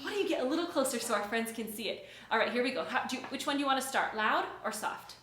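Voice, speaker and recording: A woman's voice: high-pitched, lively intonation, quick pace, fairly bright tone. A woman teaching a children's music class, singing nursery songs and cheerfully coaxing the kids to join in. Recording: echoey room.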